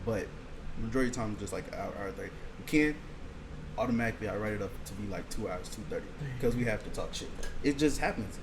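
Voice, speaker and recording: A man's voice: on the low side, fast, noisy background. Laid-back young man chatting. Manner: laid-back, animated when quoting friends. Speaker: podcast guest, comedy video creator. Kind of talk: casual chat.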